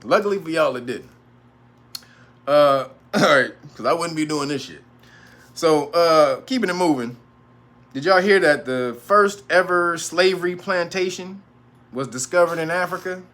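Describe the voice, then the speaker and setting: A man's voice: fairly high pitch, unhurried, fairly bright tone. A man hosting a casual livestream monologue, rambling and profane, laughing often between remarks. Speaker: host.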